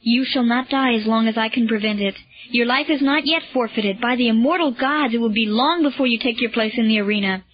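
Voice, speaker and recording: A woman's voice: a little high, a little fast, natural voice. A woman reading the part of an anguished man who emphatically refuses his friend's request, in a dull lo-fi recording. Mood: emphatic. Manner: agitated, emphatic.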